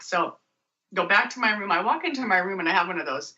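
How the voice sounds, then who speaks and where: Woman radio guest, animated storyteller; bright voice, dull lo-fi audio. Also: medium pitch, moderate pace. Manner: animated storyteller acting out dialogue. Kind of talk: storytelling interview.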